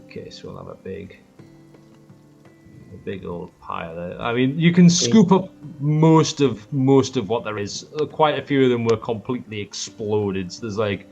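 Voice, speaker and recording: Relaxed man running a tabletop game. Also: medium pitch, normal speed, creaky, lo-fi sound, over music. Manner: relaxed, chatty, loose with fillers. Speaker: game master. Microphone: online call.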